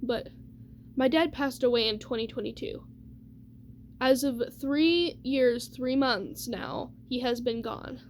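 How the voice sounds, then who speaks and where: A woman's voice: a little high, slow pace, a little hiss or hum. A young woman telling a personal story in a rambling, chatty way, full of fillers like "like" and "whatever". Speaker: vlogger. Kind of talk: casual storytime.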